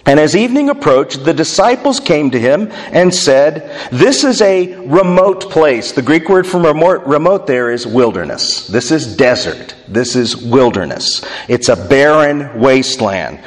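A man preaching an expository sermon. He slows down and sinks low and quiet on key words for emphasis. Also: big pitch swings. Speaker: pastor. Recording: long reverb of a large hall.

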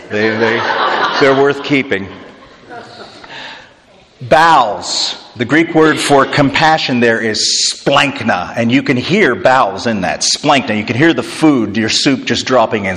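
A male pastor preaches a sermon, moving between close reading and playful asides to the congregation. His voice sits at an ordinary middle pitch. The sound carries a long hall reverb. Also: a little hiss or hum. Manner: animated, joking asides to the congregation. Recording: echoey hall.

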